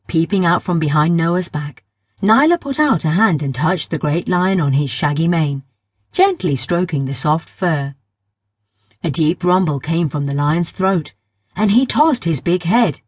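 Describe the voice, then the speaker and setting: A woman reading a children's story aloud with a lively, rising-and-falling delivery. Her voice sits fairly low with a slight husk, and the recording is close and dry. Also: unhurried, slightly rough, no room sound. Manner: expressive storytelling. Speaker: audiobook narrator. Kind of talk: children's audiobook narration.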